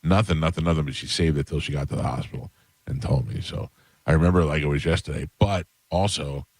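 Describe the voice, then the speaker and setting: A man's voice: very deep voice, fast talker, a little mellow, slightly rough, no echo. A man in his forties hosting a morning radio show, telling a family story in casual chat and acting out the dialogue. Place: radio studio. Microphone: studio microphone.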